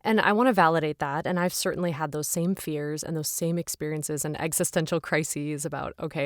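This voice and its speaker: Low-ish voiced woman guest on a podcast, earnest and thoughtful, lots of ums, dry sound. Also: no echo. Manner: earnest, reflective, with many um fillers. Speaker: voice actor guest. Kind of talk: podcast interview answer.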